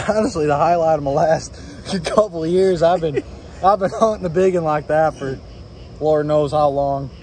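An excited man, hollering and narrating a river fishing vlog outdoors at night. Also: a little high, measured pace. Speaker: angler and channel host. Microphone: action camera. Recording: noisy outdoor action-camera audio.

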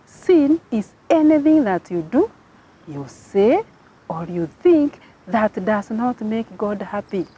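A woman with a Kenyan English accent, teaching a Bible story to children at Sunday school in a slow, sing-song manner with rising and falling emphasis. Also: on the high side, mellow, a little hiss or hum.

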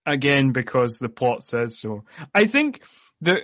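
A man's voice: medium pitch, very animated, a little slow, fairly bright tone, dry recording, dull audio. A man co-hosting a movie podcast, joking wryly about the plot, stumbling over fillers. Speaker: podcast co-host. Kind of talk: casual movie recap chat.

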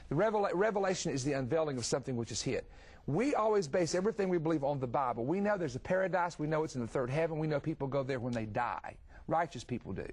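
A middle-aged man hosting a Christian television talk show, telling stories with energy and asking quick follow-up questions. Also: on the high side, a little mellow. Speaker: TV ministry host. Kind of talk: conversational religious TV talk.

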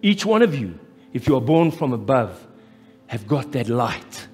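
A man with a South African accent preaching a live sermon as pastor, impassioned and rising to loud, emphatic peaks. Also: mid-range voice, big pitch swings, unhurried. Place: church hall, live. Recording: echoey church hall with faint music.

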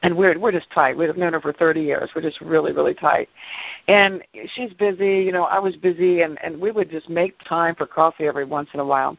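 A woman's voice: low voice, fairly even intonation, fairly quick, creaky, no room sound. A middle-aged woman hosts a faith-based teaching series and tells personal stories in an emphatic, chatty way. She often repeats words and laughs between them. The recording is dull and lo-fi, with no room sound at all. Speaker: host of a weekly faith-based dream series. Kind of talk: personal storytelling in a devotional talk.

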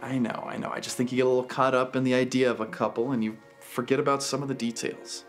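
A man's voice: mid-range voice, flat delivery, fast talker, faint music behind, natural voice. An actor playing a wry, dry young man. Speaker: character in a comedy series.

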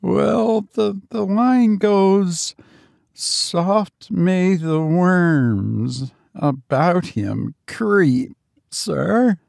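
A man's voice: high voice, lively intonation, very slow, creaky, darkish tone, no room sound, studio quality, pitched above the performer's own voice, heavily acted. A man voicing a quavering old servant. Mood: fearful. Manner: quavering, stammering, pleading. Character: timid frightened old male servant.

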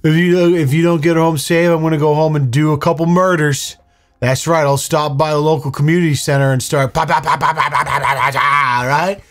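A man putting on the voice of a blustering macho young man who makes threats, raising his pitch in a mocking tone. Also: fairly even intonation, a little fast, close to an everyday voice. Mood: mock-menacing. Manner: blustering, mock-tough.

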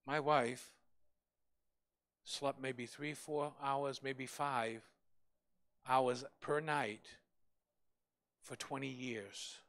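Fervent gravelly man preaching. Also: mid-range voice, steady tone, extremely slow, long pauses, fairly bright tone. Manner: fervent, emphatic, repeats for stress. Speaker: pastor. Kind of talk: preaching a Bible study.

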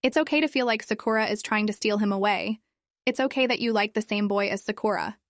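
A woman voicing a gentle, patient middle-aged mother who speaks in a soothing, coaxing way. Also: mid-range voice, fast talker, no room sound, studio quality, close to an everyday voice.

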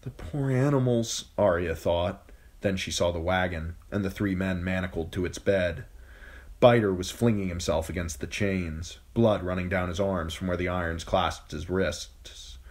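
Low-voiced male audiobook narrator. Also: moderate pace. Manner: steady storytelling with occasional slips. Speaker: audiobook reader. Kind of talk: scripted narration.

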